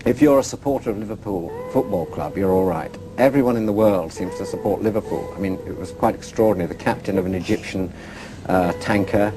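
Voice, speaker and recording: A man's voice: lowish voice, a little fast, warm tone, soft background music. An older man from England, a guest telling travel stories in a chatty, self-mocking way. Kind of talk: casual interview chat.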